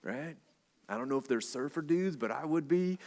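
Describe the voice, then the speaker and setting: A man preaching a sermon in a church, telling a story in a casual, animated way with slang and jokey asides. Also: fairly high pitch, fairly quick, slight background noise. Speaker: pastor. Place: church sanctuary.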